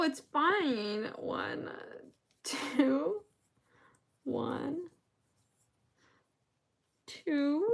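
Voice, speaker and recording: Chatting to viewers during a relaxed crochet stream, a woman counts her stitches out loud and laughs between remarks. Her voice is a little high and creaky.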